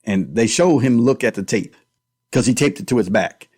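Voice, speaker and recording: A man's voice: fairly low pitch, expressive, moderate pace, a little mellow, husky. A middle-aged man co-hosting a casual movie review podcast, laid-back and jokey. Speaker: podcast co-host.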